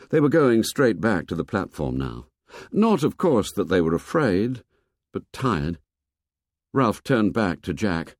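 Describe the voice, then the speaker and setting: A man reading a novel aloud as narrator, expressive and measured. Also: fairly low pitch, dry recording, studio quality. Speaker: audiobook narrator. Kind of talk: scripted narration.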